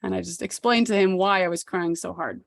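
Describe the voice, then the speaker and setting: A woman's voice: on the low side, fairly quick, gravelly, no room sound, clean studio sound. A woman in her thirties, a podcast co-host, telling a personal story in a candid, reflective way. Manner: candid, reflective, with occasional laughs.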